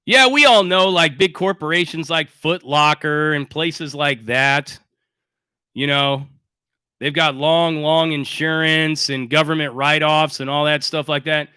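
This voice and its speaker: A high, bright-voiced man holds forth on a livestream, blunt and sarcastic, swearing freely. The sound is dry and close, with no room around him. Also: a little slow, clean tone, dry recording. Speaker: livestream host. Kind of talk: casual livestream rant.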